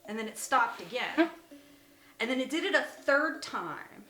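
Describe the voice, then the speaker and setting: A woman with a high, bright voice tells a spooky story as the casual host of her own show. Her pitch swings widely as she laughs her way through it, then sinks to a hush when things get tense. The room around her rings with an echo. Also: unhurried. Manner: animated, laughs often, drops to a whisper at tense moments. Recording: echoey room.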